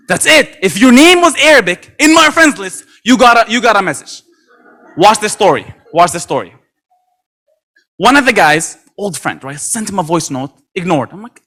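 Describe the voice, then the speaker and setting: A man giving an energetic motivational talk at a convention, acting out quoted dialogue with lots of repetition. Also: sits high, normal speed. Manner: animated, acts out quoted dialogue, many repetitions. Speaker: motivational speaker. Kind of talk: energetic storytelling speech. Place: convention stage.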